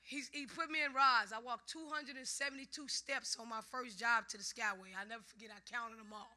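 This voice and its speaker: A middle-aged woman speaks to a conference crowd in a high, very bright voice. She tells her stories with lively energy, laughs often, and slips into the voices of people she quotes. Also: a little fast. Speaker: ironworker giving a conference speech. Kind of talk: speech to a live audience. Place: conference hall.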